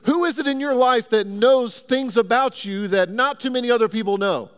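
A pastor preaching a sermon in a conversational way and asking the congregation questions. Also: male voice, extremely high pitch, moderate pace, clean tone. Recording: long hall reverb.

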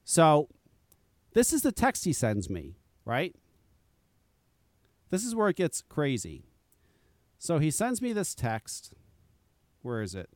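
Male host, casual profane storyteller, higher-pitched and very expressive delivery. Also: dry recording. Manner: animated, profane, acts out dialogue.

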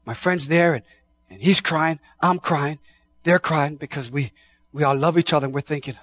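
Husky, impassioned male preacher. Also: fairly high pitch, moderate pace. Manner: impassioned, swings from shouting to hushed; repeats words and phrases. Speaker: pastor. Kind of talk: sermon.

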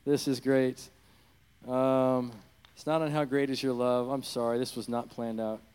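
A man preaching an improvised sermon into a handheld mic in a church, rambling and growing fervent and loud. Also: medium pitch, level tone, a little slow, smooth, big-room sound. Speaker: pastor. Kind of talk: unscripted sermon. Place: church sanctuary. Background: worship music.

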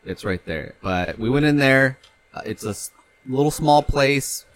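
A man's voice: mid-range voice, lively intonation, unhurried, no echo. A young man from California chatting on a podcast, rambling loosely, swearing casually and laughing easily. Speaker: podcast co-host. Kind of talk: casual chat.

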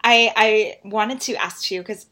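A woman's voice: mid-range voice, unhurried, bright, forceful tone. A woman hosting a casual podcast interview, chatty and enthusiastic, asking long rambling questions. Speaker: podcast host.

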